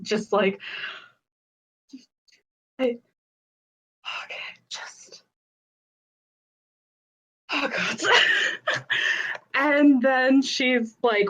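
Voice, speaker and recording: A woman's voice: medium pitch, low-quality recording. A young woman playing a tabletop game, describing her character's actions in a chatty way with many fillers. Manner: chatty, with lots of fillers and laughs. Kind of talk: casual role-play narration.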